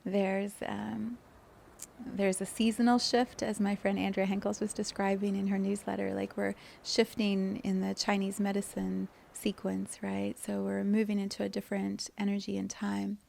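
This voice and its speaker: A woman hosting a spiritual podcast, telling stories in an animated way and laughing often, then turning soft and hushed when she reflects. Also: mid-range voice, normal speed, gravelly, slight background noise. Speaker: podcast host. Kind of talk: casual spiritual podcast talk.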